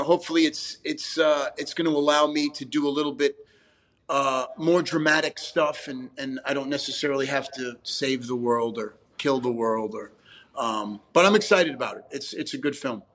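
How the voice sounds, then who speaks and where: A man, chatting as a guest over a video call, animated and swearing freely with frequent laughs. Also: fairly high pitch. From New York, USA. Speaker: actor guest. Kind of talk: casual interview chat.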